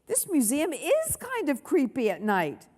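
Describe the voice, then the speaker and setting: A woman's voice: high voice, huge pitch swings, unhurried, a little mellow, pitched above the performer's own voice, full character voice. A woman voicing a naughty, scheming young boy in a storybook reading in a large hall. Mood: sneaky, irritated.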